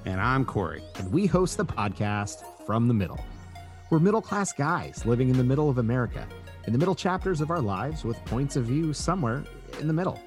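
A man's voice: medium pitch, lively intonation, fairly quick. A man introducing his podcast in a scripted ad, in a playful read. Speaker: podcast host in an ad. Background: faint music.

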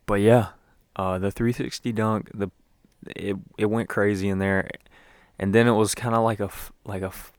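A man's voice: low-pitched, smooth, no room sound, clean studio sound. A young man giving a rambling, casual recap as a sports fan, with lots of fillers and restarts.

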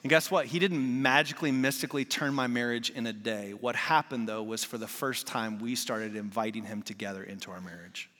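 A man in his forties preaching a sermon, telling personal stories with passion, moving from loud outbursts to hushed moments. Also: medium pitch, steady tone, brisk, few pauses, big-room sound. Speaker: guest preacher.

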